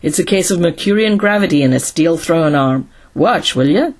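A woman voicing a brusque, decisive male space engineer who speaks curtly and gives orders, with a breathy voice. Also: lowish voice, animated, normal speed, darkish tone.

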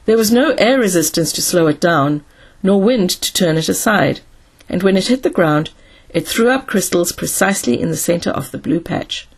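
A woman narrating a science fiction audiobook with steady storytelling. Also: lowish voice, normal speed, breathy edge.

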